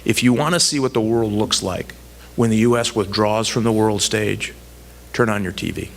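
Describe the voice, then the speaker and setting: A man from the US delivers a public talk on foreign policy, mixing stories with self-deprecating humor and asides while hammering his argument through repeated emphatic lines. He has a fairly low voice at a moderate pace, with slight background noise.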